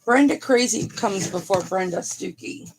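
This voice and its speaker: Gravelly, raspy-voiced woman hosting a live sale. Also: medium pitch, animated, slight background noise, poor audio. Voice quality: raspy throat. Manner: raunchy, chatty, reads names off slowly. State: hoarse. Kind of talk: casual live selling stream.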